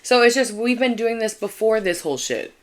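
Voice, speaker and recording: A woman's voice: fairly high pitch, lively intonation, fairly quick. A young woman co-hosting a podcast, talking in a casual, rambling way with lots of fillers and restarts. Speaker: podcast co-host. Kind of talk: casual chat.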